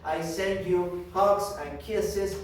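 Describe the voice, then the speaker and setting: Male kindergarten teacher, slightly high voice, patient and deliberate, recorded far from the mic in a roomy space. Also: steady tone. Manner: slow and deliberate, repeating each point in Spanish; checks in with frequent "okay?". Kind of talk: recorded class for young children. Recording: echoey room, distant mic.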